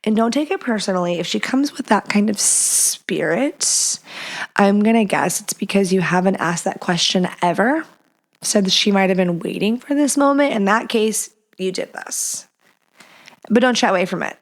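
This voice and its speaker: A podcast host with a mid-range voice chats casually at a normal speed. She's blunt and playful with her advice, at times whispering or voicing quotes in character.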